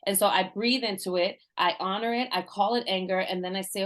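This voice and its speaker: Animated woman in her forties telling stories. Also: mid-range voice, a little fast, few pauses. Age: 40s. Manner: lively, laughs often, acts out quoted voices. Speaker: guest, transformational coach. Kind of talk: storytelling in a casual interview.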